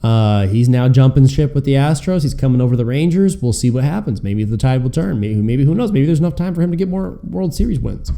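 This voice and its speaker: A man, a guest on a casual podcast, telling stories in a lively way with frequent laughs and many fillers. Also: medium pitch, fairly quick, creaky, hardly any pauses. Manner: animated storyteller, laughs often, many fillers and repeats. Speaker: guest, sports fan.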